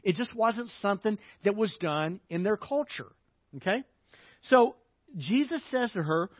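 A man's voice: high-pitched, lively intonation, measured pace, no echo. A male pastor preaching a sermon in a conversational way, often checking in with his listeners. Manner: conversational, frequent "okay?" check-ins. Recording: slightly dull, dry sound.

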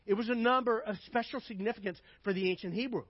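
An older man preaching a sermon as pastor, emphatic and building to loud repeated phrases, then dropping to quiet asides. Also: high-pitched, fast talker, dry recording, muffled recording.

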